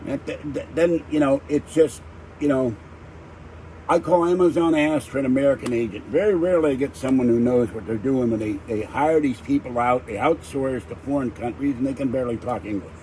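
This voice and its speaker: A man's voice: mid-range voice, fairly quick, mellow, a little hiss or hum, poor audio. Irritable older man ranting casually. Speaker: livestream host. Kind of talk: rambling casual chat.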